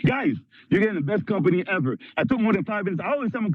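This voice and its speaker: A man from Canada giving an energetic motivational talk at a sales training, acting out little skits in put-on voices. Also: sits high, very fast, few pauses, dry recording, phone-quality sound.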